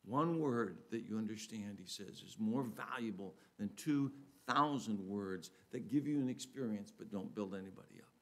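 A man preaching a sermon in a conversational way, restarting his sentences often and getting louder and higher when he reads scripture aloud. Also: moderate pace, hardly any pauses. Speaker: pastor.

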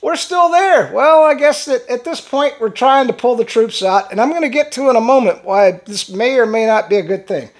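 A man's voice: extremely high pitch, animated, normal speed, few pauses. A man ranting fired-up in political commentary, hosting his own channel. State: in pain from a neck injury.

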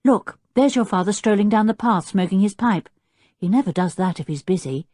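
A woman voicing a bold, adventurous girl who speaks eagerly and with excitement in an audiobook. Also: mid-range voice, a little fast, dry recording, studio quality, pitched above the performer's own voice, lightly acted. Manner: eager, thrilled.

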